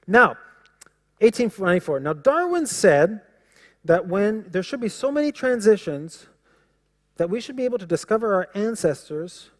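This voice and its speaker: Animated male lecturer in a reverberant hall. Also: fairly high pitch. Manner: animated, quips and chuckles at his points. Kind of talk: classroom lecture.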